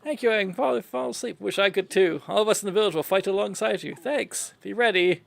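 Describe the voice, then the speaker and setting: High-voiced man reading game dialogue. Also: fairly quick, creaky. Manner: playful, reads every character's lines in his own voice. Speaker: gamer reading dialogue aloud. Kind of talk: casual game playthrough commentary.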